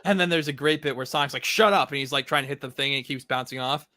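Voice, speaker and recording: A man's voice: mid-range voice, steady tone, rapid-fire, bright, forceful tone, dry recording, clean studio sound. A man co-hosting a casual comic discussion, recapping the story in a laid-back way with casual swearing. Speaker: podcast co-host.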